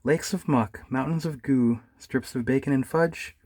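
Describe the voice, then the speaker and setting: A man's voice: medium pitch, darkish tone, no echo. A man voicing a happy, pushy male bear poet in a bikini, speaking chirpily and wheedling. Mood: poem-reciting. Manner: chirpy and wheedling, poems read slowly.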